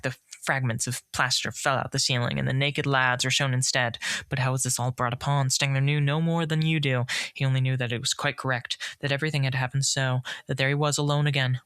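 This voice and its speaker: A man's voice: mid-range voice, a bit bright, clean tone, no room sound, clean studio sound. A man reading a story aloud in a playful way, with jokey asides about his own misreadings. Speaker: reader. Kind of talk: playful read-aloud of a parody classic.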